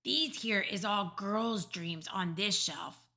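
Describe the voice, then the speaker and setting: A woman's voice: medium pitch, slow pace, bright, forceful tone. A woman voicing a big, friendly male giant who mangles his grammar and invents words, in an audiobook reading. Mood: cheerful. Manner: jumbled made-up words and broken grammar. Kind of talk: audiobook character voice.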